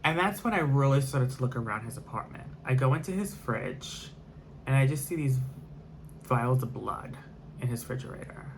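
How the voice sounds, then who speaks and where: Male storyteller, mid-pitched, casual rambling delivery with constant fillers. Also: expressive, moderate pace, vocal fry, a little hiss or hum. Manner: rambling, heavy on fillers and restarts.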